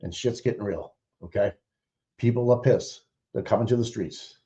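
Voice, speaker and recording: On dull lo-fi audio, a livestream host with a lowish, warm voice talks at a moderate pace. His commentary is casual, blunt, and rambling, with plenty of cursing.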